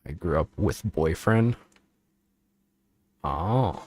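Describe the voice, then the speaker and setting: A man's voice: low voice, lively intonation, extremely slow, darkish tone, slightly rough. A man streaming and chatting casually, joking around, trailing off and repeating himself as he goes. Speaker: VTuber streamer. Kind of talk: casual livestream chat.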